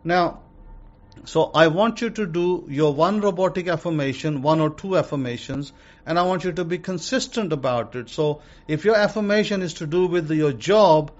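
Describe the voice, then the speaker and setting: A man's voice: a little high, normal speed, lo-fi sound. A man teaching a casual self-help lesson. He rambles, repeats himself and uses many fillers.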